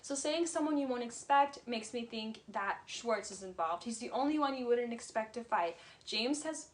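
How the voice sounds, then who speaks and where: A woman's voice: a little high, expressive, moderate pace. A woman vlogger giving a casual, heated recap of a reality show, blunt and swearing freely. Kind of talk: casual commentary.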